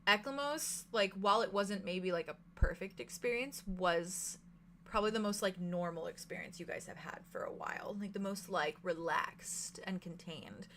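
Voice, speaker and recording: A woman's voice: mid-range voice, normal speed, a bit bright, a little hiss or hum. A woman narrating a tabletop role-playing game as game master, chatty and giggly with many fillers.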